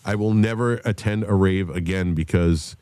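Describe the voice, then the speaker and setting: A man in a casual podcast chat, spinning a profane, animated story. His voice sits fairly low and sounds dry and close to the mic. When he quotes other people, he throws his voice into a loud, high shout. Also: moderate pace, smooth, dry recording. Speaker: podcast host.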